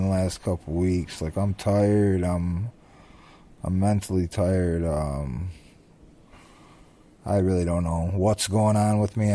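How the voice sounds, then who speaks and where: A man co-hosting a podcast in casual chat, reflective and hesitant, pausing often with "um" and restarting his sentences. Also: low voice, dark tone. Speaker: podcast co-host.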